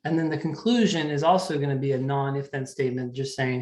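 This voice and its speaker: A man's voice: mid-range voice, fast, echoey room. A man teaching a live test-prep class, explaining step by step in a conversational way and often checking in with the students. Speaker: LSAT teacher.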